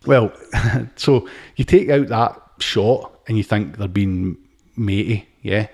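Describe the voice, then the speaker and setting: A man's voice: fairly low pitch, slow pace, a little mellow, husky. Chatty man hosting a podcast. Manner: chatty, laughs while retelling stories, says mate a lot. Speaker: podcast host. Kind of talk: casual chat.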